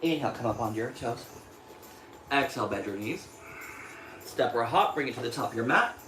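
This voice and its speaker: An American yoga instructor speaks briskly in a medium-pitched voice, calmly calling breaths and poses in his studio while doing them, a little breathless as he flows. The poor-quality audio has a roomy sound and slight background noise.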